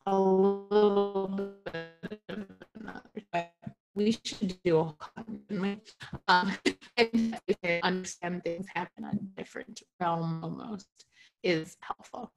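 A woman's voice: mid-range voice, steady tone, takes it slowly, soft background music. A woman teaching a spiritual class online over a video call. She talks casually, often checks in with her listeners, and jokes at her own expense. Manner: light self-mocking humor.

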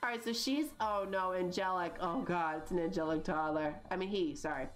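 A woman's voice: fairly low pitch, a little fast. A woman in her thirties, hosting a gaming channel, chatting casually and rambling with lots of likes and you-knows as she plays. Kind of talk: casual chat while playing a life-sim game.

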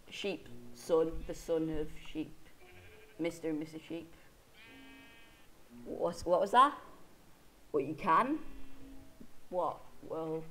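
Chatty gamer with hiccups. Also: female voice, lowish voice, unhurried, rough recording. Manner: chatty, self-deprecating, talks to in-game animals. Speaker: Minecraft let's player. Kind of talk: casual gameplay commentary.

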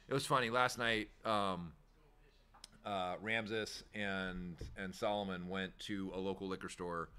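Bright, lower-pitched man chatting loosely. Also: steady tone, a little slow, smooth. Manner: rambling and candid, swears freely, laughs easily. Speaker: shop owner hosting a weekly chat show. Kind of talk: casual chat.

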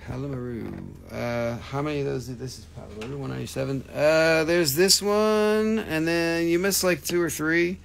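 A man's voice: fairly high pitch, normal speed, vocal fry, few pauses. Joking man selling gems live. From United States. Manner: joking, rambling, swears. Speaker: live-stream gem seller. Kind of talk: casual live sales chat.

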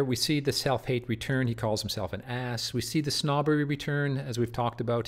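A middle-aged man teaching literature from slides, animated, with many restarts and asides. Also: medium pitch. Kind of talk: lecture walkthrough of slides.

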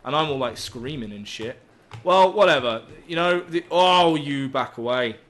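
A man's voice: medium pitch, animated, moderate pace, fairly bright tone. A man commentating a survival game as he plays, rambling and joking, swearing freely and yelping when startled. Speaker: gaming YouTuber. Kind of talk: let's play commentary.

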